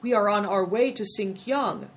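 A woman's voice: mid-range voice, moderate pace, husky, voice pushed up. A woman reading an audiobook, voicing a polite, earnest young male traveller.

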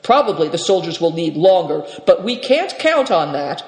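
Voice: mid-range voice, big pitch swings, moderate pace. A storyteller voicing a shrewd, jovial male trader who bargains with sly courtesy. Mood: sly, genial. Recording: reverberant, echoey room.

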